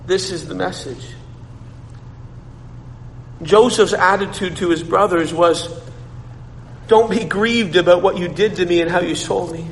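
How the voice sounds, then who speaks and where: A male preacher with a high voice tells a Bible story to his listeners, circling back on his words and restarting phrases. The long reverb of a large hall follows him, over a faint steady noise. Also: measured pace, vocal fry, pauses often. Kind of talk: sermon, retelling a Bible story.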